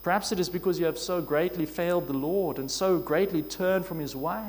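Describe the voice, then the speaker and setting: A man preaching a sermon in an earnest, measured way, asking his listeners questions. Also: on the high side, a little mellow. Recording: long hall reverb.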